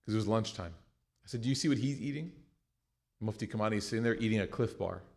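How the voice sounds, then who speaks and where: A man's voice: fairly low pitch, quick pace, creaky. An American man teaching a class, talking casually and retelling stories with jokes. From United States. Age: young adult. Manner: conversational, joking, animated retelling. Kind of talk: class lecture with storytelling.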